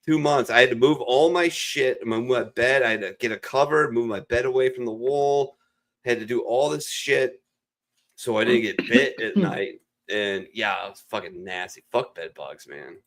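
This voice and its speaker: A middle-aged man telling stories in casual chat, rambling and swearing freely, at times putting on quick voices for the people he quotes. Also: medium pitch, fairly bright tone. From Ohio region. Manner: profane, rambling storyteller. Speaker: podcast regular.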